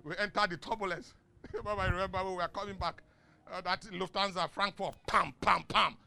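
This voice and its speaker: A middle-aged man with a Nigerian accent preaching a sermon in call-and-response style. He swings from soft asides to shouts and chuckles often. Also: high-pitched, fairly even intonation, brisk, vocal fry, faint music behind. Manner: chuckles often mid-sentence. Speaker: pastor.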